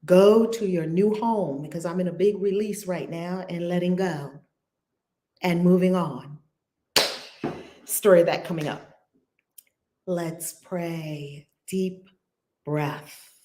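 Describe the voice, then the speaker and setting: A reverend with a New York accent hosts a livestreamed spiritual session from her home, warmly effusive with repeated affirmations before settling into a measured, chant-like guided prayer. Her pitch is fairly low and her tone warm.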